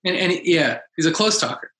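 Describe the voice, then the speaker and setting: A man telling a story in casual chat, lively and acting out the quotes of others in a raised voice. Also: on the high side, moderate pace. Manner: animated, acts out quotes in a raised voice. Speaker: podcast guest, musician. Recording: echoey room.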